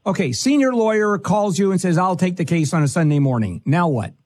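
A fairly high-pitched man with a husky, slightly rough voice hosts a call-in legal advice show. He is blunt and impatient, interrupts often, and keeps pushing the caller to get to the question. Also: animated, brisk, a little mellow, no room sound, studio quality. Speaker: legal advice radio host.

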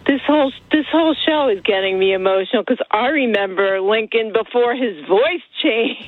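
A middle-aged woman calls a radio show, speaking with fond, sentimental excitement. Her voice sits a little high and comes through a thin, tinny phone line. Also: normal speed. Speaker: caller. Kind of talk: phone-in chat.

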